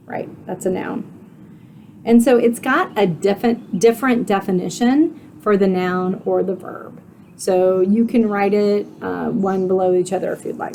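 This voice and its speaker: A woman teacher giving a spelling lesson, sounding out letters and syllables slowly and asking her students questions. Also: mid-range voice, mellow, slight background noise. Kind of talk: slow, deliberate spelling instruction.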